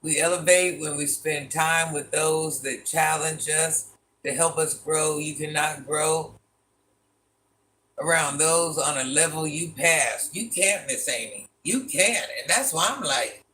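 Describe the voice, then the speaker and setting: A man, chatting casually on a livestream, animated and exasperated, firing off rhetorical questions and laughing often. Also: on the high side, measured pace. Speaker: livestream host reading chat.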